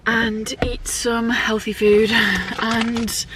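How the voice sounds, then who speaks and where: A woman's voice: a little high, little pitch movement, drawn-out words, background noise. A young woman with a British accent, chatting casually to her camera in a rambling vlog style. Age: young adult. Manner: chatty and rambling, frequent "like" and "genuinely". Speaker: vlogger.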